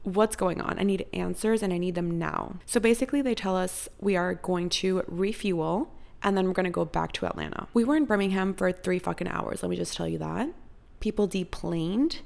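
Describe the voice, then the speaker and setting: Young woman vlogger with vocal fry, chatty and theatrical, casual storytime. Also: lowish voice, a little mellow. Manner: chatty and dramatic, heavy use of "like".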